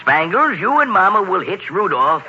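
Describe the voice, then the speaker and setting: A man's voice: sits high, sing-song, pushed and bright, slight background noise, full character voice. A man playing a jolly, kindly Santa Claus in a 1950s children's radio drama, hearty and chuckling. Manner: hearty, chuckling, brisk on the phone. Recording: muffled old radio broadcast.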